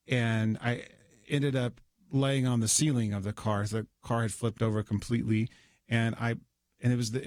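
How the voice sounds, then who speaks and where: A man's voice: medium pitch, a little mellow, dry recording. A man, a guest in a radio studio, telling a personal story in casual conversation, with many restarts. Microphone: studio microphone.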